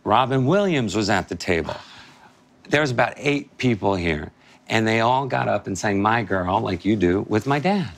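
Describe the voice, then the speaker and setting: A man who owns a restaurant, reminiscing and giving steady cooking instructions in casual chat. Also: on the low side, normal speed, vocal fry. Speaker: restaurant owner.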